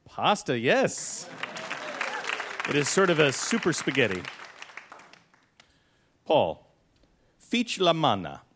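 A man's voice: fairly high pitch, slow pace, pauses often, a crowd in the background, background noise. A man running a quiz game, explaining the rules and reading clues with dry jokes. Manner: dry, jokey, animated delivery. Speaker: quiz master.

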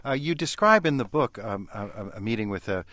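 A man's voice: lowish voice, lively intonation, a little fast, bright, forceful tone, no echo. A man hosting a call-in radio show, asking questions hesitantly with many fillers. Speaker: radio host.

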